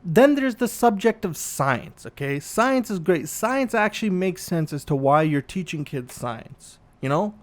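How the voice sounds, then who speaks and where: A man's voice: sits high, expressive, a little slow, few pauses. A man hosting a podcast, delivering a profane, ranting comedic monologue. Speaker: podcast host.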